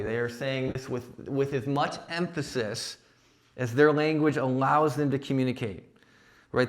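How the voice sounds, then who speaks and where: A man giving a sermon at a young adults retreat, conversational, often checking in with "right?". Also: mid-range voice. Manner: conversational preaching, frequent "right?" and "like". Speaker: young adult ministry speaker. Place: church retreat session.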